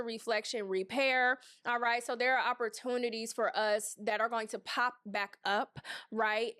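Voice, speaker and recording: A woman astrologer talks through a casual forecast in a lightly raised voice. She is chatty and animated, peppering her points with "okay?" and "right?" and playfully voicing the planets. The sound is dry and close. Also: on the high side, no room sound.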